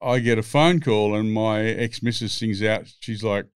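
A man's voice: lowish voice, normal speed, clear, resonant tone, dry recording, studio quality. A man, telling rambling, swear-filled stories as a podcast guest. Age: 60s. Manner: profane, rambling anecdotes. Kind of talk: casual storytelling.

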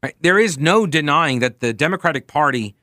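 A man's voice: on the high side, animated, brisk, pushed and bright, no room sound, studio quality. A man hosting a talk radio show, giving opinionated political commentary in a sarcastic tone, full of rhetorical questions.

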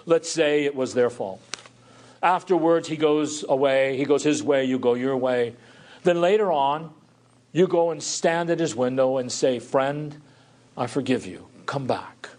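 A male pastor delivers a sermon at an ordinary, mid-range pitch for a man. He reads a scripture passage aloud and then expounds on it. His manner is earnest and reflective. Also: unhurried, a little mellow.

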